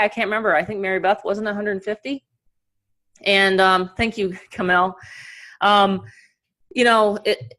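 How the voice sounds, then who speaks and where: Middle-aged New York woman, upbeat webinar coach on a call, lowish voice. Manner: energetic and upbeat, talks in quick bursts. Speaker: online marketing coach. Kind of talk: live webinar presentation.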